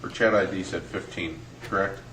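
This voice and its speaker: A male detective asking measured, pointed questions in a police interrogation room. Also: low voice, fairly even intonation, a bit bright. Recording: echoey room with noise.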